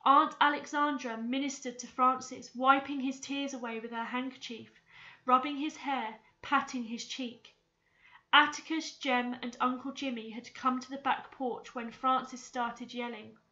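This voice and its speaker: A woman teacher reading a novel aloud with clear, expressive storytelling. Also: high voice, a little slow, lo-fi sound. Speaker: English teacher.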